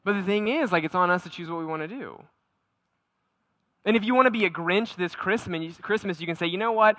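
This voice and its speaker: A man preaching a lively, conversational sermon in a fairly high, bright and forceful voice. He repeats his words and keeps asking the congregation questions. The sound is dry and close. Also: a little fast, no echo. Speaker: pastor.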